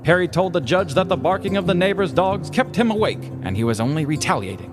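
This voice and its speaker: A man's voice: sits high, expressive, fast talker, over music, voice pushed up. A man doing a 1950s radio newscaster. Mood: announcing. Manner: formal announcer cadence. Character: male 1950s radio newscaster, crisp and formal.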